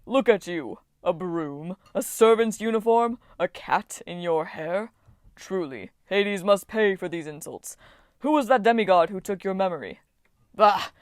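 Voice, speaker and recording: A woman reading an audiobook, voicing a boisterous, hulking male Titan warrior with a booming, grand way of speaking. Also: expressive, unhurried, no room sound, clean studio sound, close to an everyday voice. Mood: boastful.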